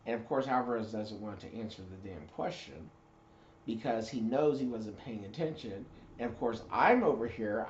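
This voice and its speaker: A man's voice: lowish voice, darkish tone, a little hiss or hum. A man telling a casual story, rambling with lots of fillers and self-corrections. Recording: roomy dull recording.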